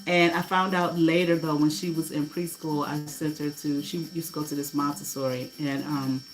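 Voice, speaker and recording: A middle-aged woman telling a personal story in a casual way, animated, swearing freely and acting out what people said. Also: deep voice, moderate pace, faint music behind, rough recording. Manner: animated, swearing, laughing, acts out quotes. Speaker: host.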